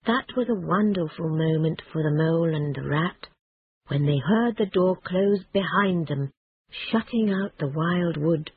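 A woman's voice: deep voice, a little slow, breathy edge, no echo. Woman reading a storybook, tinny sound. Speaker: narrator. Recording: tinny phone-like, dry.

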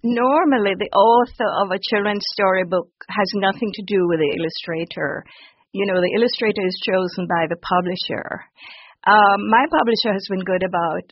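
A woman's voice: mid-range voice, moderate pace, no echo. Woman, close dry lo-fi sound. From Jamaica. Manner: warm, enthusiastic, laughs often. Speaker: children's author. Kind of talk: radio interview answers. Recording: dull lo-fi broadcast audio.

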